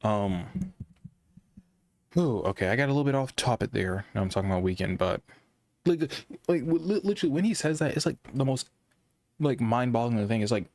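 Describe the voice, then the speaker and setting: A young man talking casually about gaming, in a monotone voice that he says makes him sound sarcastic, rambling with frequent restarts. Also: medium pitch, no echo. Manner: rambling, halting with many restarts. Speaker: gaming commentator. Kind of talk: casual monologue.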